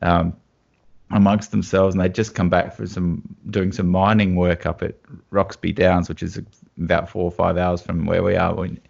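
Australian man with a low, gravelly voice. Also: moderate pace. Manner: animated anecdotes with laughs. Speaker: guest guitarist. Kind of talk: casual storytelling chat. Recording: dull lo-fi sound.

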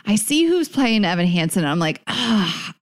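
A woman's voice: mid-range voice, big pitch swings, a little fast. A young adult woman co-hosting a podcast, chatting candidly, laughing often and swearing casually. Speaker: podcast co-host. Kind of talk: casual chat.

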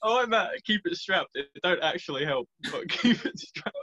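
A man's voice: sits high, expressive, normal speed, bright, forceful tone, a little hiss or hum. A young man, bantering playfully in a casual chat. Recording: dull lo-fi sound.

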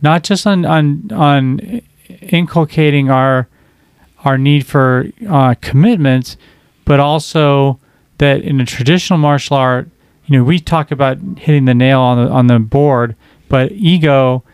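A man co-hosting a martial arts podcast, talking in a reflective, measured way and often agreeing. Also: medium pitch, smooth, no echo, clean studio sound. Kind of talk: casual chat.

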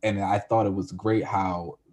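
A man's voice: on the low side, steady tone, unhurried, darkish tone. A man co-hosting a casual TV recap, easygoing and agreeable, laughing often. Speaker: podcast co-host.

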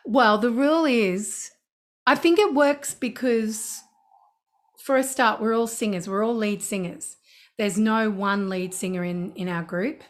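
A middle-aged woman, a songwriter chatting in an interview, animated and talkative. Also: mid-range voice, unhurried. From Australia. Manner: chatty and animated, breaking into sung scat syllables. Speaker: songwriter guest. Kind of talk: casual interview chat.

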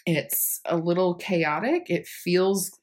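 A woman's voice: lowish voice, slow pace. A young woman working on a farm, chatting candidly with lots of fillers and the odd swear word. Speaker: farm worker. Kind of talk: casual chat.

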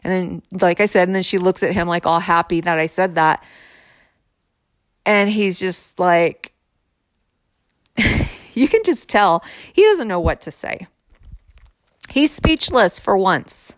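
A woman casually telling a personal story in a reflective, unhurried way, often saying "like". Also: on the low side, lively intonation, dry recording. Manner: unhurried, reflective, heavy use of "like". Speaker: storyteller sharing her own experience.

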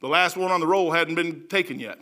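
High-voiced, bright folksy male preacher. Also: fairly quick. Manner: folksy, conversational, peppered with "man"; animated, swings from loud to hushed. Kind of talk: sermon.

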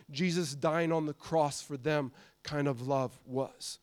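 American guy preaching a sermon, middle-aged, kinda high voice, goes loud then quiet. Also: smooth. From United States. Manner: dynamic, swinging from loud emphasis to soft confiding.

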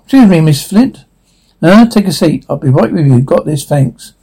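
A man's voice: on the high side, animated, normal speed, mellow, slightly rough, low-quality recording. A man reading a cartoon script aloud, switching between character voices, reading out the stage directions and stumbling into frequent restarts. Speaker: script reader.

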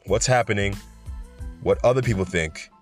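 A man's voice: on the low side, normal speed, soft background music. A man hosting a podcast in a casual monologue, chatty and joking, loose and profane, laughing at his own jokes. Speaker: podcast host.

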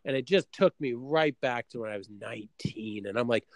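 A man's voice: mid-range voice, a little fast, hardly any pauses, no room sound. A middle-aged man from Canada telling a story in casual chat, acting out both sides of his conversations.

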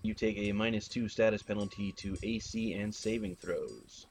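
A man narrating as game master of a tabletop role-playing game, in a relaxed, casual way with asides. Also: on the low side, normal speed, background noise.

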